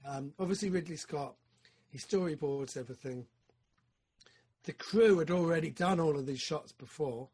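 A man co-hosting a podcast, chatting casually about films, excitable and rambling with lots of fillers. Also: fairly high pitch, moderate pace, slightly rough. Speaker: podcast co-host. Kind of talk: casual film chat.

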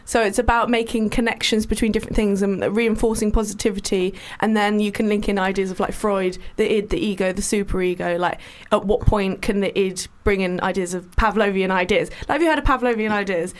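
A woman's voice: mid-range voice, steady tone, fairly quick, few pauses. A woman chatting casually, laughing often and teasing her co-host playfully. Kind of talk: casual chat.

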